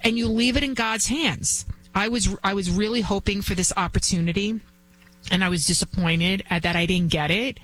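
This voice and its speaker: A woman's voice: mid-range voice, fairly even intonation, moderate pace, fairly bright tone, poor audio. A woman with a Bronx accent hosting a radio talk show, chatting in an emphatic, rambling way with frequent restarts. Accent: New York (Bronx). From United States, New York. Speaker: guest radio host.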